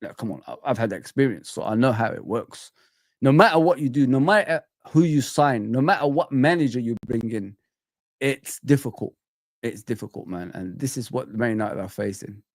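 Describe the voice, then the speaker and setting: A man hosts a casual live football stream and pokes fun at a rival team's troubles. His talk swings up and down in pitch. The sound is close and dry, with no room echo. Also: expressive, moderate pace. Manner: laughing, mocking commentary. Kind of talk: casual live reaction chat.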